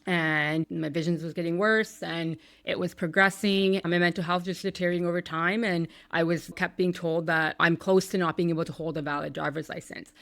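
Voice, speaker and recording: A woman's voice: on the low side, steady tone, a little fast, few pauses, a bit bright, dry recording. A woman podcast host in her thirties telling a painful personal story, candid and emotional, with some swearing.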